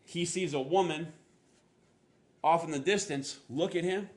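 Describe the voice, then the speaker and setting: Animated male pastor telling a story. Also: unhurried. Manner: animated, acts out quotes with jumps in pitch; self-deprecating asides. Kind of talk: sermon storytelling.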